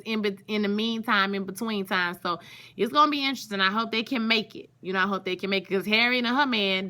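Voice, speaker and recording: Bright-voiced woman recapping a show. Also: medium pitch. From Louisiana. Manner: chatty and gushing, often calls out to viewers. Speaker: TV show reviewer. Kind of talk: casual recap vlog.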